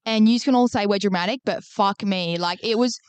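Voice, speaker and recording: A woman's voice: medium pitch, brisk, clear, resonant tone, dry recording. A young woman, co-hosting a podcast and telling a story in casual, swearing-heavy chat. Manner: animated storytelling, swears freely. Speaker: podcast co-host.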